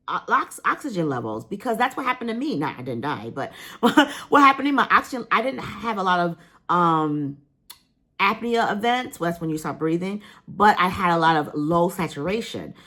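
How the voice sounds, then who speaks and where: A woman's voice: mid-range voice, a bit bright. A woman vlogging casually to her viewers, earnest and emotional, rambling with many fillers and restarts. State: emotional, near tears. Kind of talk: casual vlog talk to viewers.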